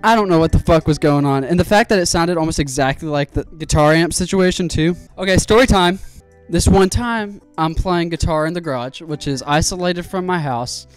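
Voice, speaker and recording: A young man streaming while he builds a PC, telling an animated story with plenty of swearing. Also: on the high side, normal speed, hardly any pauses, clean tone, soft background music.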